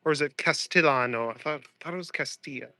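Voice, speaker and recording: A man's voice: a little high, fast, sharp tone, no room sound. A young man, chatting casually and joking with viewers during a live stream while out walking. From Canada. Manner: laid-back, joking, laughs often. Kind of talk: casual chat reading viewer comments. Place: walking outdoors.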